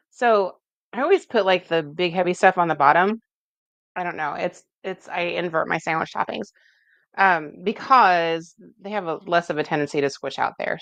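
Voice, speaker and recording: A woman's voice: lowish voice, creaky, fairly bright tone, no echo. A woman with a Midwestern American accent hosting a casual cooking show, chatty and explaining each step as she goes.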